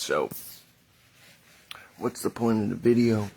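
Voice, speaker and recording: A young adult man talking to camera in a rambling, mock-theatrical vlog monologue, halting with fillers and wry asides. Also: on the low side, animated, creaky, a little mellow, breathy edge. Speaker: vlogger.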